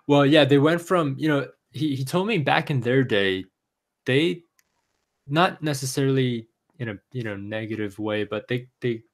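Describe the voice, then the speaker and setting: A man co-hosting a casual podcast chat, talking haltingly with frequent fillers and restarts. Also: medium pitch, animated. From Taiwan. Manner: hesitant, many restarts and fillers. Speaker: podcast co-host.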